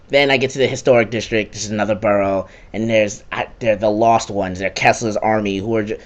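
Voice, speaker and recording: A man's voice: on the low side, steady tone, a little fast, hardly any pauses, highs cut off. A young man giving a casual, profane and sarcastic rant recapping a video game.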